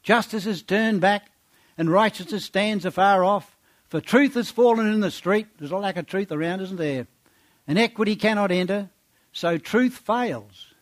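Speaking at normal speed, a man preaches by reading scripture and asking his congregation rhetorical questions. He softens and lowers his voice on words of praise.

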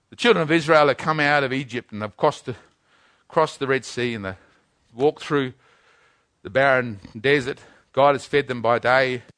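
A man preaching a sermon, building to loud, rapid-fire rhetorical questions. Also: mid-range voice, dry recording.

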